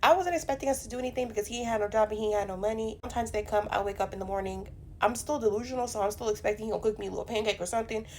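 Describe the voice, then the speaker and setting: A young woman telling a funny personal story in a casual storytime vlog, animated and profane, with punchy delivery. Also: mid-range voice, racing, slight background noise. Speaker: storyteller vlogger.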